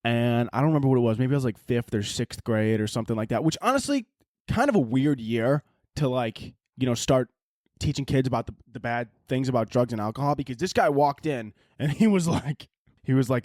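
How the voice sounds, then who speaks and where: A young man hosting a podcast, telling comedic stories in an animated, profane, mocking way. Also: mid-range voice, brisk, no room sound, clean studio sound. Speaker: podcast host. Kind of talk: comedic storytelling monologue.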